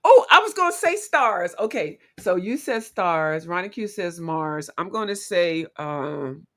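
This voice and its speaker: A woman hosting a casual livestream, chatting playfully with viewers and quick to laugh. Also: fairly low pitch, very animated, a bit bright. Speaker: livestream host.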